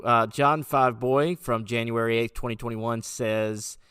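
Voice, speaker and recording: A man's voice: medium pitch, fairly bright tone, clean tone, no echo, clean studio sound. A man co-hosting a podcast in casual chat, playful and laughing as he reads out listener reviews. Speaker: podcast host.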